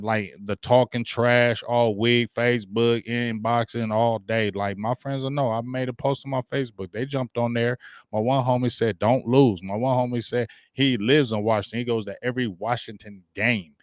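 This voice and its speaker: Hyped and slangy, a male sports livestream host calls out viewers by name as they arrive in his casual stream. His voice runs on the low side, recorded at studio quality with no echo.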